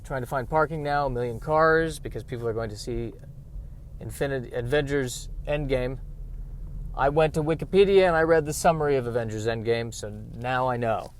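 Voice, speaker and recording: A man's voice: medium pitch, brisk, slight background noise. A man hosting a solo comedy podcast from inside his car, delivering self-deprecating rants and comic asides while he drives. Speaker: podcast host. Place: in a car, driving and parking.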